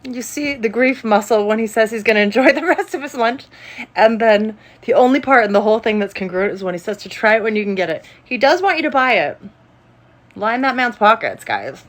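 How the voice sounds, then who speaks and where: A woman's voice: on the high side, animated, fairly quick. A woman giving casual commentary on a video clip, explaining body language and laughing often as she goes.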